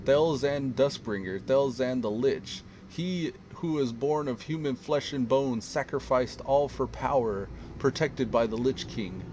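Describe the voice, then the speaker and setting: A man's voice: medium pitch, a little slow, hardly any pauses, darkish tone, close to an everyday voice, rough recording. A man voicing a captive undead male mayor, sneering and defiant, with a grim, hissing manner.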